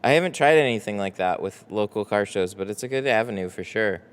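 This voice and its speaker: A man's voice: on the low side, lively intonation, brisk, smooth. A man running a casual live stream from his tint shop, reading chat aloud, tired and rambling with casual swearing. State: tired, no coffee.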